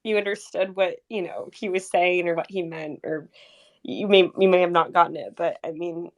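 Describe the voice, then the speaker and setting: A woman with a somewhat low voice talks casually in a group. She rambles, leaning on fillers, and her speech turns emotional. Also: steady tone, normal speed. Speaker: community member sharing memories. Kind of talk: casual conversation.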